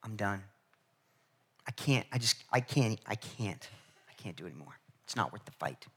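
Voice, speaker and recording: A man's voice: lowish voice, expressive, moderate pace, fairly bright tone, husky, voice pushed down. A man voicing a despairing, exhausted male prophet who pleads and trails off mid-sentence, as if ready to give up. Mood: defeated.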